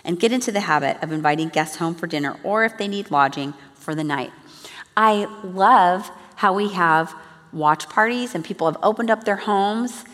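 A woman's voice: on the low side, normal speed, fairly bright tone. A woman giving an earnest, chatty church teaching talk to a congregation. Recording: long reverb of a large hall.

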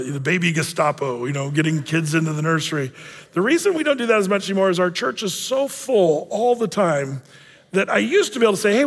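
Casting: joking male pastor, fairly high voice, loose and chatty, live church hall reverb. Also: a bit bright. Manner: chatty, joking, many fillers and restarts. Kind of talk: casual verse-by-verse sermon. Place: church sanctuary.

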